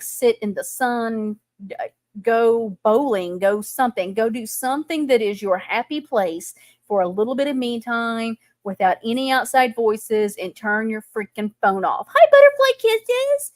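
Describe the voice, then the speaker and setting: A woman's voice: a little high, measured pace, darkish tone, no room sound. Chatty middle-aged Texan woman. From Texas. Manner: chatty, laughs often, greets viewers. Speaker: livestream host. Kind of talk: casual live chat.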